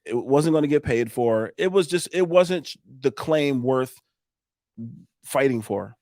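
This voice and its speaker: A roofing business owner telling a blunt, animated story as a podcast guest and acting out what people said. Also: male voice, medium pitch, unhurried, no room sound, clean studio sound. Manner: animated, acts out quotes, blunt with swearing. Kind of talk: casual storytelling.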